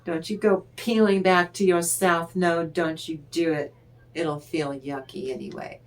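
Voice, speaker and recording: A tarot reader reads cards aloud to the viewer, addressing the listener directly as though they sat across from her. Her slightly low voice has fairly even intonation, and she is unhurried, letting words hang between phrases. Encouraging, she laughs often.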